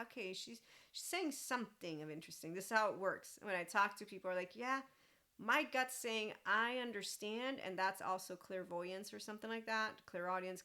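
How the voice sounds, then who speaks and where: A woman's voice: medium pitch, a bit bright. Rambling woman host, laughing often. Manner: rambling, laughs often, mimics voices in quotes. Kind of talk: casual spiritual self-help monologue.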